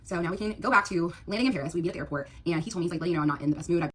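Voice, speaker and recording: This TikTok storyteller speaks rapid-fire in a voice on the low side, her tone fairly bright with a breathy edge. She's a young woman rambling through a dating story of her own, packing it with fillers and quoting the other person's words.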